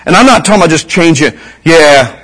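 A man's voice: medium pitch, animated, moderate pace, slightly rough. A middle-aged man giving a casual, folksy sermon as a pastor, full of slang and repeated asides.

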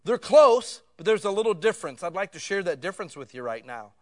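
A man preaching a sermon in a conversational, casual way that swells to loud emotional peaks. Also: high-pitched, very animated, brisk.

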